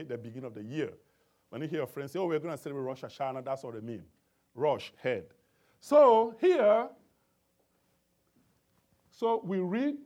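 A man preaching a Bible lesson to a congregation in church, emphatic, often checking in with his listeners. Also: sits high. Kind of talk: sermon-style Bible teaching.

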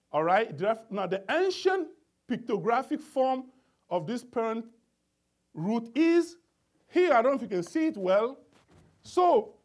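Male preacher, bible teaching, animated up-and-down pitch, emphatic, keeps asking the congregation "all right?". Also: husky. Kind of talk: sermon-style Bible teaching. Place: church before a congregation.

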